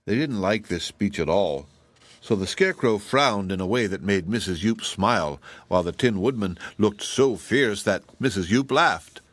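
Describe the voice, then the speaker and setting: Low-voiced man reading a storybook. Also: lively intonation, normal speed, no echo. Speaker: audiobook narrator. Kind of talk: scripted narration.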